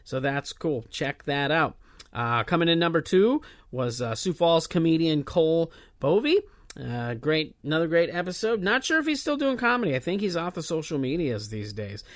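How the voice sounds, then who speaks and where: A man's voice: fairly high pitch, big pitch swings, normal speed. Casual rambling podcast host, man. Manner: casual, rambling, many filler uhs. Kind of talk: solo podcast intro announcements.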